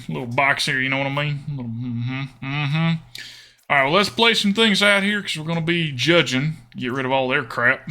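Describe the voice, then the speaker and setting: A man talks through a card game for his stream viewers, chatty and loose. His voice sits a touch high and rings very bright and sharp. He leans into a jokey, put-on twangy drawl.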